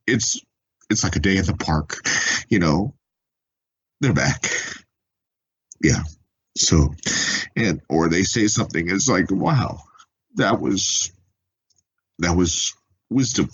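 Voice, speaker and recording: A man being interviewed as an author, speaking haltingly and with emotion, often restarting his sentences. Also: low voice, slightly rough, lo-fi sound. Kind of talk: conversational interview.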